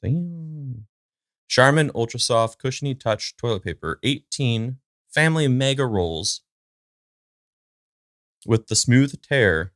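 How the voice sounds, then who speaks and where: A man's voice: mid-range voice, animated, takes it slowly, pauses often, a bit bright, no echo, studio quality. A man hosting his own podcast at home, talking casually from a chair in front of a camera, rambling with lots of fillers and side remarks to his dog. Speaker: podcast host. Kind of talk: casual solo chat. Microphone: recording to a camera.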